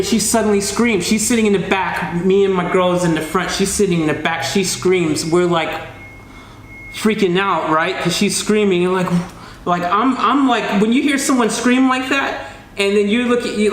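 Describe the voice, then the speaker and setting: A host tells a story straight to camera in a relaxed, chatty way, peppering it with slang and calling out to viewers. The voice sits in the middle of the pitch range, and the home room around it is noticeably roomy and echoey. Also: slight background noise. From United States. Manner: animated, chatty, addresses viewers as guys, slang-heavy. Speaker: channel host.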